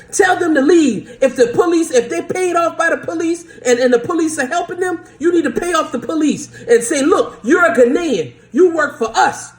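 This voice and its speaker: A vlogger giving an impassioned rant to camera, urgent and repetitive, often stumbling over repeated words and laughing through the lines. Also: high-pitched.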